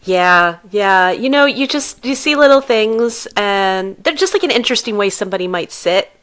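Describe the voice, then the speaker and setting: A woman's voice: mid-range voice, animated, normal speed, fairly bright tone. A woman co-hosting a podcast in casual chat, who laughs easily. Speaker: podcast co-host.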